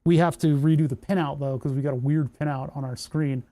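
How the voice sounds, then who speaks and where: His voice is fairly high, steady and warm, and he talks briskly. He's a man streaming an electronics project in casual workbench chat, muttering to himself as he works through hand cramps.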